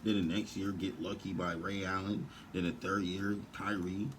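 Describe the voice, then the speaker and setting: Deep, low-pitched man for a heated, profane, rambling vlog rant. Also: flat delivery, normal speed, background noise. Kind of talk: casual rant to camera.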